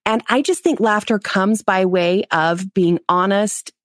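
A woman's voice: medium pitch, unhurried, no echo. Woman, interview guest, candid storytelling, self-mocking, laughs often, dry sound. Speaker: podcast guest.

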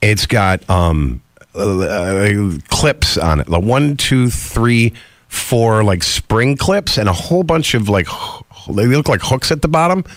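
A man's voice: on the low side, slow, no room sound, clean studio sound. A man co-hosting a casual podcast, teasing his partner and chuckling as he talks. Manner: teasing, chuckling, lively narrator. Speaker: co-host. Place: home studio.

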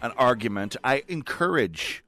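A man's voice: medium pitch, animated, normal speed, sharp tone, faint music behind. A man hosting political talk radio, emphatic and combative, inviting callers.

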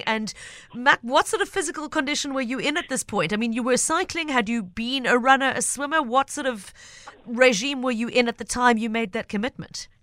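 A woman hosting a radio interview, asking clear, articulate questions. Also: fairly high pitch, fairly quick, bright, forceful tone, no echo, clean studio sound. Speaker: radio host.

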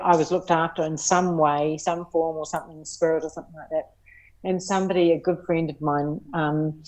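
A woman talking as an interview guest, earnest and reflective, pausing often and restarting her sentences. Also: deep voice, darkish tone. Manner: earnest, halting, with many fillers and restarts. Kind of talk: reflective personal conversation.

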